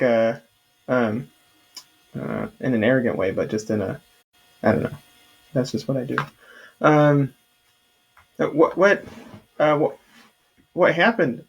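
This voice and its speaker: A man playing a tabletop game casually, speaking haltingly with many fillers. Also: medium pitch, gravelly, breathy edge, low-quality recording. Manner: halting, hesitant, full of fillers. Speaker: player. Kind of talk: casual tabletop role-play.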